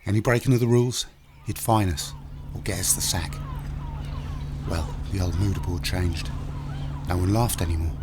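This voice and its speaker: A man's voice: deep voice, normal speed, background noise, natural voice. An actor playing a dying old man who confesses a long-kept secret to his son in plain, blunt words. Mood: confessional. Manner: plain-spoken confessional storytelling. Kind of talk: audio drama storytelling. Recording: voice over music underscore. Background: music.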